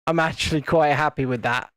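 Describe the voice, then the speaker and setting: Reading chat aloud and laughing a lot, a British livestream host chats casually while building at home indoors in the evening, captured on a phone camera. The mid-range voice is steady and brisk, a bit bright, with a dry, clean studio sound.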